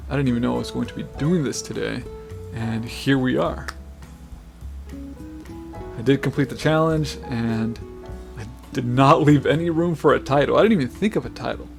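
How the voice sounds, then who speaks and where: A man with a mid-range, gravelly voice talks in a loose, casual vlog style. He gets excitable and trips over his own sentence starts. A faint guitar track plays quietly underneath. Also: medium pitch, moderate pace, long pauses. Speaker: comic artist vlogger. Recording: faint guitar music behind.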